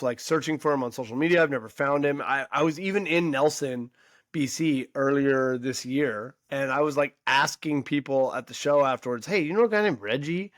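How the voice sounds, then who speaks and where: Forties male podcast co-host, casual animated storyteller, mid-pitched. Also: no echo, clean studio sound. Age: 40s. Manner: animated storyteller, acts out quoted voices.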